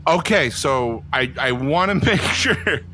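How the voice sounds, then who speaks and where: Guy doing improv, flustered and stammery, lively bright voice, faint hiss behind. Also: medium pitch, slow pace. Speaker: improv comedian. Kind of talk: improvised comedy scene.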